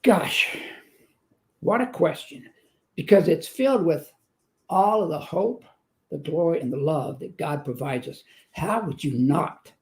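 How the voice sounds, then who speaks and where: Man in his 70s, gravelly, dark mellow tone, earnest interview guest. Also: a little high, expressive. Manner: earnest, slow emphatic phrasing. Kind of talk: faith testimony and joke telling.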